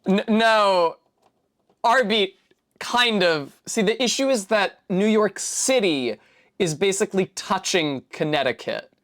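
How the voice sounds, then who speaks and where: A woman's voice: medium pitch, lively intonation, takes it slowly, a bit bright. A woman streamer from New England talks casually while she builds. She rambles through long digressions in a loose, chatty way. She fills her speech with fillers and corrects herself mid-sentence. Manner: full of fillers and self-corrections. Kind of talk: casual chat while building a Lego set.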